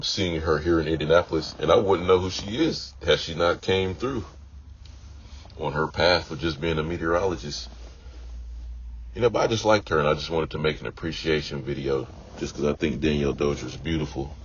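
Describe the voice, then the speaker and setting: A man with an extremely deep, low voice talks in a loose, rambling monologue, circling back on his points and filling gaps with "you know." The audio is dull and lo-fi, with a faint noise underneath. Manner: meandering, repeats himself, many "you know" fillers. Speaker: vlogger.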